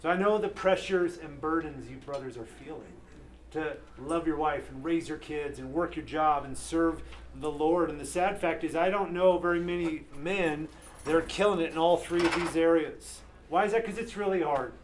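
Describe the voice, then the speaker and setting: A man in his thirties preaching an earnest, animated sermon to a men's group as pastor. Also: a little high, moderate pace, slight background noise. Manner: earnest, animated, acts out quoted voices.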